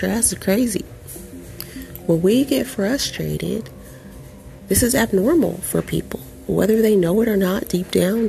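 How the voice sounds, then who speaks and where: A young adult woman hosting a podcast, reading out an article and commenting on it in an animated, profane, sarcastic way. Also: mid-range voice, gravelly. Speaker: podcast host.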